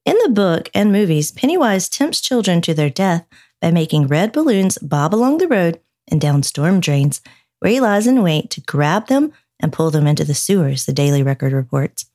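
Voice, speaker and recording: Animated woman reading news with teasing. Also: lowish voice, moderate pace. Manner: teasing, laughs often. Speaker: podcast co-host. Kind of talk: casual chat and reading news aloud.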